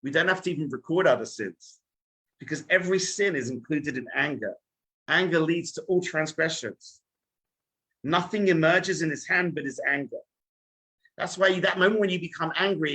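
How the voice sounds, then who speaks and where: A husky, bright-toned rabbi who gives a sermon in an animated, storytelling way. His voice sits a little higher than most men's, and he keeps turning to his listeners.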